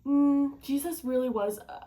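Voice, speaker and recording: A woman's voice: high voice, unhurried, warm tone. A woman improvising a comedy sketch as a matchmaker, playful and often breaking into laughter.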